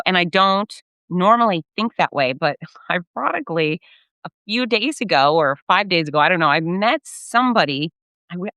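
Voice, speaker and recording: A middle-aged woman hosting her own fitness podcast, telling a personal story in a candid, animated way with some blunt swearing. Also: on the low side, no room sound. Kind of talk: casual solo storytelling.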